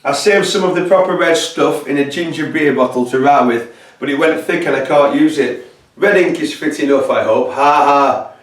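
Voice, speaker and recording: A man's voice: on the high side, normal speed, lightly acted. A man reading out a gleeful, menacing Victorian killer's taunting letter in a put-on Scottish accent. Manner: mocking, taunting. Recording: roomy echo from a distant mic.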